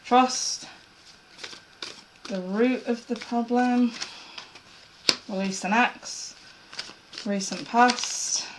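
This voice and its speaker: A woman's voice: on the high side, background noise. Blunt woman giving a tarot reading. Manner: blunt, swears casually, talks straight to viewers. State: losing her voice, coughing. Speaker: tarot reader. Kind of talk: casual tarot reading to camera.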